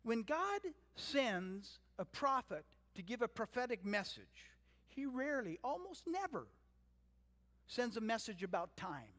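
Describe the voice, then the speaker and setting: Pastor, male, high voice, earnest emphatic sermon delivery, church sanctuary with long reverb. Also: big pitch swings, measured pace, pushed and bright. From Canada. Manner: earnest, emphatic preaching with storytelling asides.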